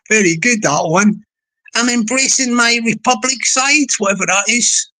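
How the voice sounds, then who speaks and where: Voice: medium pitch, normal speed, pushed and bright. A live-stream host, chatting casually to a small online audience in a rambling way, often restarting sentences.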